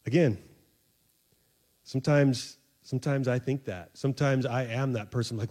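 A man preaching a sermon in a conversational, joking way, acting out voices and laughing at himself. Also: normal speed. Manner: animated, acts out voices of the disciples with sudden high squeaks. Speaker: pastor.

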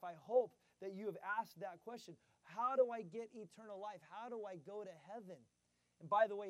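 A man's voice: sits high, dry recording. A man preaching a sermon in a conversational way, asking the listeners questions as he goes. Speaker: pastor.

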